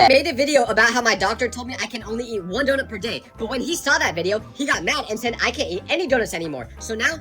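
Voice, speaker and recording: A woman doing short comedic skits to camera, playful and exaggerated with quick punchlines. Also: on the high side, animated, pushed and bright, soft background music. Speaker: comedy TikTok creator.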